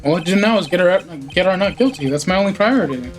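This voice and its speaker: A man's voice: high-pitched, expressive, fast talker, hardly any pauses, soft background music. A man casually commenting between lines while streaming a game. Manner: slangy, offhand.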